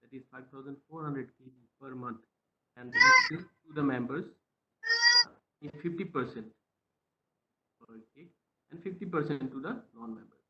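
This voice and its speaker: A man presenting slides in a webinar over a video call, hesitant with many fillers and speaking softly. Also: medium pitch, huge pitch swings, normal speed, long pauses, heavy background noise. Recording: tinny phone-like line in an echoey room.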